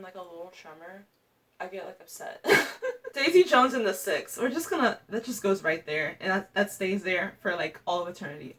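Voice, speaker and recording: A woman's voice: fairly low pitch, recorded from a distance. Chatty young woman gushing about books. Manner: chatty, gushing, rambling with many fillers. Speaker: booktuber. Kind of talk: casual book-ranking vlog.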